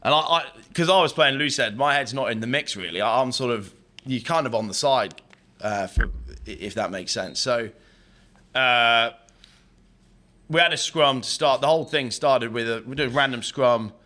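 A man's voice: medium pitch, normal speed, sharp tone. A man, a former rugby prop, casually telling a story as a podcast guest, laughing and rambling as he goes.

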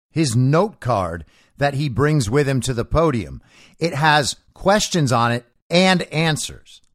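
A man hosts an opinion show, talking in a mocking, sarcastic way. His pitch rises and falls a lot as he drives his points home. The recording is dry and close. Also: dry recording. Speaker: show host. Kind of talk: opinion commentary monologue.

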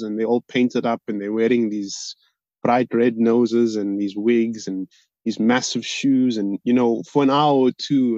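Measured man, lo-fi. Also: medium pitch, dark tone, no echo. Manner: articulate, measured, reflective. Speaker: band member. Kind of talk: casual podcast chat. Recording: dull, lo-fi sound.

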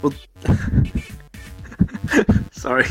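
A man's voice: drawn-out words, soft background music. Giggly man, podcast co-host. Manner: giggly, rambling, enthusiastic. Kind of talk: casual chat.

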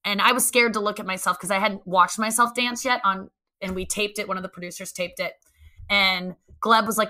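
A young woman comedian telling a self-mocking story in casual chat, animated and swearing freely. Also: medium pitch, brisk. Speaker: guest, comedian.

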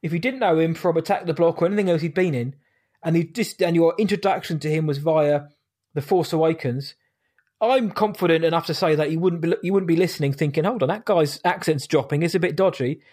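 A man co-hosting a podcast who talks things through in a thoughtful, measured, casual way. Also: a little high, a little mellow. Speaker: podcast co-host. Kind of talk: casual chat.

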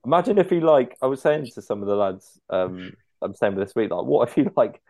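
A man co-hosting a casual podcast, relaxed and chatty, with lots of "um"s. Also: mid-range voice, brisk, no echo. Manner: relaxed, chatty, hesitant fillers. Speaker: podcast co-host. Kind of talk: casual chat.

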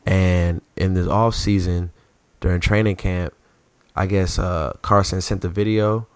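A man chatting casually about sports as a podcast co-host, telling stories in an animated, slangy way. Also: low voice, measured pace, clear, resonant tone, no room sound.

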